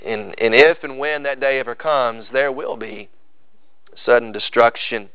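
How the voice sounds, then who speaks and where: A man preaching a sermon as pastor, moving from loud emphasis to hushed, drawn-out intensity. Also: mid-range voice, smooth, dry recording. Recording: slightly dull, dry sound.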